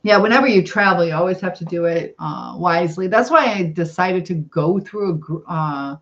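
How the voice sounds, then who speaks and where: A woman's voice: lowish voice, moderate pace, a bit bright. A middle-aged woman with a Southern US accent, hosting a casual cooking livestream, rambling and reading viewer comments aloud. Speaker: livestream host. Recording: dull lo-fi livestream audio.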